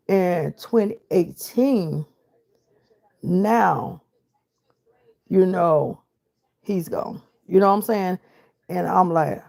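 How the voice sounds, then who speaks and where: A woman's voice: fairly low pitch, gravelly, warm tone. A middle-aged woman, telling her own story of loss with emotion and reenacted dialogue. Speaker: grieving mother. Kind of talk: personal storytelling.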